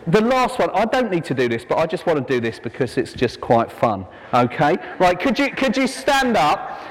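A man preaches informally to his congregation in a church hall, his voice on the high side and sing-song, at normal speed. Chatty and self-deprecating, he breaks off for jokey asides, and the sermon includes a sung action chorus. The audio carries long church hall reverb.

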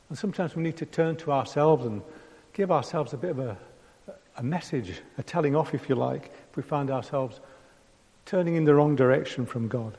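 A man's voice: fairly high pitch, expressive, moderate pace, mellow. Man preaching in a reverberant church. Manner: conversational, acts out prayers in first person. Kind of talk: sermon. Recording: long hall reverb.

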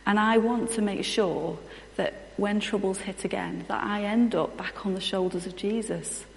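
A woman's voice: medium pitch, moderate pace, vocal fry. A woman in her thirties giving a sermon with personal testimony, in a candid, conversational storytelling manner. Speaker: preacher. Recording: echoey hall with long reverb.

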